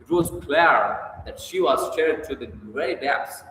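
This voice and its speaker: A man narrating a classic novel aloud in a live reading, measured and expressive. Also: a little high, slight background noise. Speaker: reader. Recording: roomy live room with reverb.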